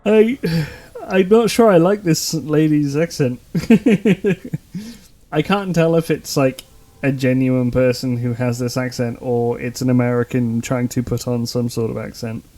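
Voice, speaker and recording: A man's voice: medium pitch, a little slow, dark tone. A man streaming a game, chatting casually and laughing at what he sees. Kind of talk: casual gameplay commentary.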